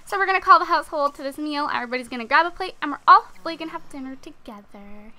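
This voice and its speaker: This is a young woman hosting a let's play of a life-sim game. She talks casually and chattily, full of fillers, in a high, bright voice. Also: expressive, rapid-fire. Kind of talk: casual gameplay commentary.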